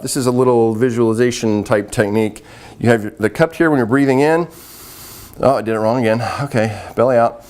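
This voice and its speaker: A man's voice: medium pitch, a little mellow. A man casually demonstrating breathing and eye relaxation exercises, chatty and laughing at his own slips. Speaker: vision exercise instructor.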